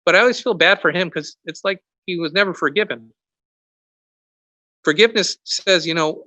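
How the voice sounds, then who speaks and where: A man's voice: fairly high pitch, animated, fairly quick, bright, forceful tone, dry recording. A priest speaking to young people in an earnest, conversational way, often restarting his sentences. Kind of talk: youth talk sermon.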